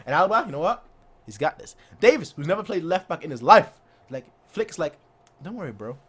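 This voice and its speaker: Brief: male fan-channel host, high-pitched, very animated delivery, repeats himself for emphasis. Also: brisk, husky. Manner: excitable, repeats phrases, laughs often. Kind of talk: animated post-match reaction vlog.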